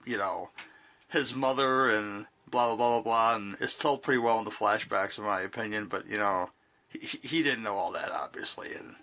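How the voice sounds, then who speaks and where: A man's voice: fairly low pitch, normal speed, bright, forceful tone. A man co-hosting a podcast, chatting casually about a movie, rambling with frequent restarts. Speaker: podcast co-host. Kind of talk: casual movie-discussion chat.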